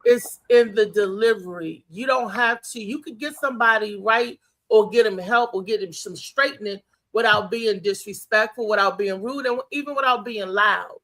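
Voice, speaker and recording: Comedian lady hosting, gravelly and bright, preachy storytelling. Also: medium pitch, moderate pace, few pauses. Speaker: talk show host and comedian. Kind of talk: casual talk show monologue.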